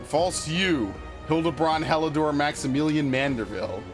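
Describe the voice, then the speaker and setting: A man streaming a game, reacting with excited outbursts, laughter and swearing. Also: on the high side, normal speed, over music. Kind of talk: live gameplay commentary.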